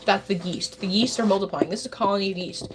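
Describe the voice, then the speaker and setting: A woman's voice: mid-range voice, fast talker, heavy background noise. A woman livestreamer chatting casually with her viewers as she bakes, rambling and talking straight to her chat. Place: home kitchen.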